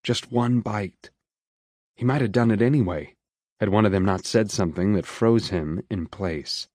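A man reading an audiobook in a measured, steady storytelling manner on a close studio mic. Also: fairly low pitch, no room sound. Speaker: audiobook narrator. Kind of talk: scripted narration.

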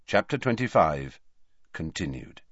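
A man narrates a novel with an animated, rising-and-falling delivery. His storytelling is dramatic and expressive. The sound is dry, close and a touch muffled. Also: deep voice, a little slow, no room sound. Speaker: audiobook narrator. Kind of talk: scripted narration. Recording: dry, slightly muffled recording.

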